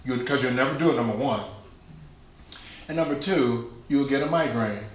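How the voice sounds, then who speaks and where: A man preaching a sermon in a church, lively and conversational, acting out quotes and laughing along with the congregation. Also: medium pitch, normal speed. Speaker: pastor. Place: large church sanctuary. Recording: echoey church room.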